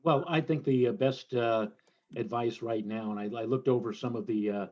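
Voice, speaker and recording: A man's voice: mid-range voice, steady tone, normal speed, dull audio. A middle-aged man co-hosting a weather show, telling stories and mimicking other forecasters with exasperation. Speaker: meteorologist co-host. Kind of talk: casual weather talk.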